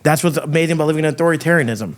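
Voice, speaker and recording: A man hosting a podcast, delivering a loud, crude, provocative rant full of swearing. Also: a little high, rapid-fire. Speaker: podcast host. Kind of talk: ranting monologue.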